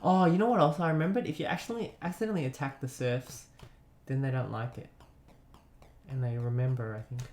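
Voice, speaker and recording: A man's voice: mid-range voice, a little fast, a little mellow. A man casually commentating a retro game he remembers, reading its text aloud. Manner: chatty, nostalgic, reads on-screen text aloud. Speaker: let's play gamer. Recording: roomy echo.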